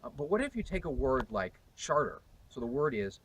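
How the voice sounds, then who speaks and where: A man's voice: medium pitch, big pitch swings, a little fast, slight background noise, rough recording. A man with an American accent, a historian explaining emphatically to camera on location outdoors. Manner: emphatic, explanatory, sometimes hesitant.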